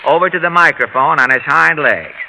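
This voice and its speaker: A man hosting a live radio variety show, telling jokes in a dry, deadpan way. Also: a little high, fairly quick, vocal fry, a crowd in the background, poor audio. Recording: hissy 1930s radio broadcast.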